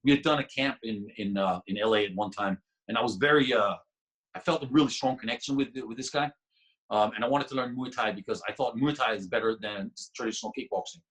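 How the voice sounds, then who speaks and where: A man's voice: fairly low pitch, fast talker, poor audio. A man guest on a podcast, telling a story casually with lots of restarts and laughter. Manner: animated, laughing, many restarts.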